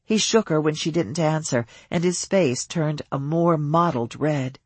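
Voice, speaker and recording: An audiobook narrator reading a novel in an even, measured storytelling voice. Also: medium pitch, slightly rough, dry recording.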